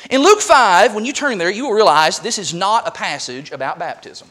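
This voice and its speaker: High-voiced emphatic male preacher. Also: sharp tone. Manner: emphatic, rhetorical questions. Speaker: pastor. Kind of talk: sermon.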